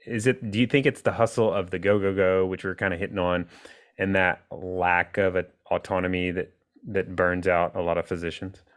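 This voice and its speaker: Male podcast host, relaxed and affirming, very low smooth voice. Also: normal speed. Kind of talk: conversational interview.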